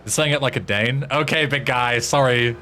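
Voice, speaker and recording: A man's voice: mid-range voice, normal speed, pushed and bright, a little hiss or hum. A young British man with a British accent, chatting casually and swearing a lot while streaming a game and stumbling through foreign tongue twisters. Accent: British English. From Britain. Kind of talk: casual gaming stream chat.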